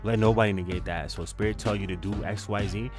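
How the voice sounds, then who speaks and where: A man's voice: on the low side, steady tone, fast, music in the background. A man giving a spiritual tarot reading in a casual, slangy, encouraging way, repeating himself for emphasis. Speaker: tarot reader.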